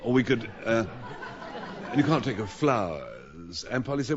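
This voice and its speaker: Man, low voice with lively swings, rambling comic storyteller, dull old radio sound. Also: normal speed, some chatter behind. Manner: rambling, self-mocking storyteller with stammered restarts. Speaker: panelist telling a comic story. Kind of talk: comic anecdote on a radio panel show. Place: radio studio with audience.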